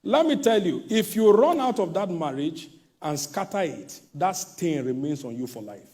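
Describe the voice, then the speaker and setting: A male pastor delivering an emphatic sermon, swinging between shouted warnings and hushed asides. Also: on the high side, sing-song, normal speed.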